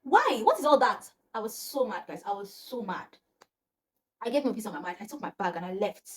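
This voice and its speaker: A young woman, telling a personal story to camera in a casual, animated way and acting out the dialogue. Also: fairly quick. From Nigeria. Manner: animated, acts out quotes with rising pitch, laughs between lines. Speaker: storytime vlogger.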